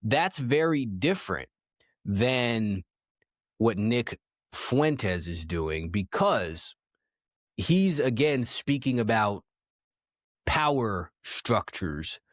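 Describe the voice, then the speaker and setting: A man talking on a casual podcast in a fairly low voice that leaps upward whenever he drives a point home. He argues with animation and conviction. The sound is close and dry. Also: extremely slow, pauses often, dry recording. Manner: animated, argumentative, voice jumps high for emphasis. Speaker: podcast co-host.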